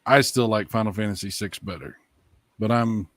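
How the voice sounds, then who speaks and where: A man co-hosting a retro gaming podcast in casual chat, animated and swearing freely. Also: fairly low pitch, normal speed, dry recording. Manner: animated, swears freely, talks over others. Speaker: podcast co-host.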